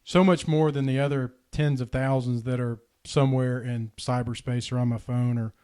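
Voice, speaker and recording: A man telling a heartfelt personal story in a casual podcast chat, earnest and animated. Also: mid-range voice, moderate pace, clear, resonant tone. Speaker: podcast host.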